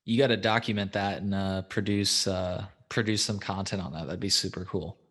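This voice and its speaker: A man's voice: sits low, steady tone, normal speed, a bit bright. A man hosting a podcast in casual chat, laid-back, swearing freely and filling with "um" and "like". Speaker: podcast host.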